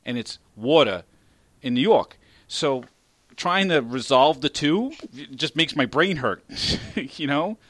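A man's voice: on the high side, lively intonation, takes it slowly, a bit bright, no room sound. A man hosting a casual podcast, laughing often and swearing freely as he chats. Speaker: podcast host.

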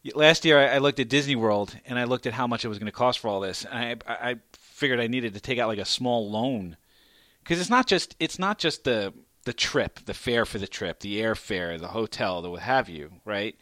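A middle-aged man with a bright, forceful voice, recorded close and dry, spinning a comic family story. He swings up into loud, high bursts when he acts out what people said. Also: fairly quick, dry recording. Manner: animated, acts out quotes with big pitch jumps. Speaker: podcast co-host. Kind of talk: casual comedic storytelling.

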